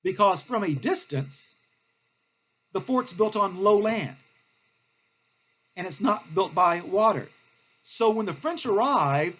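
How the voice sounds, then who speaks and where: A male history teacher telling a lesson as a playful, animated story, with lots of fillers. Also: sits high, husky, highs cut off.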